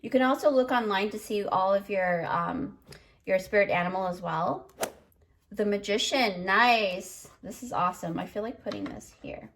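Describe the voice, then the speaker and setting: A woman's voice: medium pitch, normal speed, slight background noise. A woman giving a pick-a-card tarot reading in a chatty, emotional way, full of fillers, and choked up. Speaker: tarot reader.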